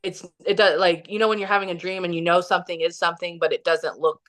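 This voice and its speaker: A woman's voice: fairly low pitch, little pitch movement, fast, fairly bright tone. Rambling woman telling a story. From Kansas City, Missouri. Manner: rambling, filler-heavy, acts out quoted dialogue. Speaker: podcast guest. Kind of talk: casual storytelling.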